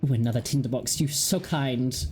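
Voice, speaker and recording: A woman's voice: very deep voice, normal speed, darkish tone, slight background noise. A woman hosting a gaming video, chatting casually and giggling with wry asides as she plays. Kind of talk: casual let's-play commentary.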